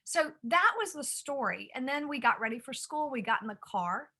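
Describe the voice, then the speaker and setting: Earnest female parenting host telling a personal story, bright and slightly breathy, pitched a little high. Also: animated, normal speed. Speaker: parenting author and podcast host.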